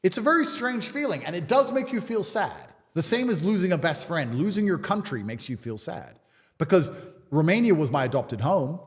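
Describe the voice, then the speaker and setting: Emphatic Englishman with a lively voice. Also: high-pitched, normal speed, long reverb tail. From England. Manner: emphatic, repetitive rhetorical speech. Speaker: interview guest. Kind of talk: podcast conversation.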